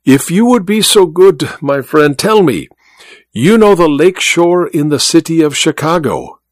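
Man voicing a pompous blind showman, raised pitch, theatrical and teasing, dry close read. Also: expressive, measured pace, no room sound. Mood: commanding. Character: showy blind stage magician, grand and sly.

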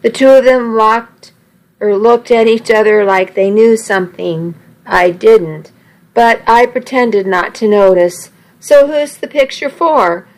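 Slow, even-voiced woman reading a story. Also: mid-range voice, rough recording. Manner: reads with small slips and restarts. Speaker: narrator. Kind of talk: first-person storybook reading.

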